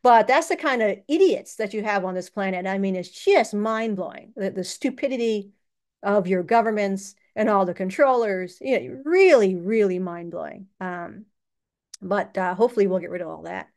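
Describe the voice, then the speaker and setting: A woman's voice: medium pitch, normal speed, a little mellow. Chatty rambling woman, laughing often. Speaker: channel host. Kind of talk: casual personal monologue.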